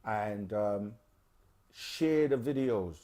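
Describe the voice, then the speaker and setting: Guy hosting a live q&a, low mellow voice, loose rambly explaining. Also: expressive. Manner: loose, unhurried, many fillers. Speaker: host of a live Q&A stream. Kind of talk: casual explanatory talk.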